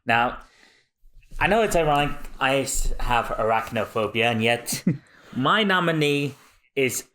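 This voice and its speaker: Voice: medium pitch, expressive, a little slow, fairly bright tone. A podcast co-host making a case in casual chat, laughing along.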